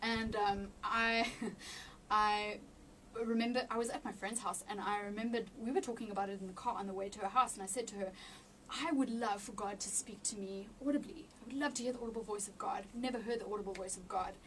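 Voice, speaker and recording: A woman giving an emotional personal testimony in an interview, halting with many restarts and near tears. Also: medium pitch, fairly even intonation, a bit bright, distant mic, a little hiss or hum. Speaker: interview guest.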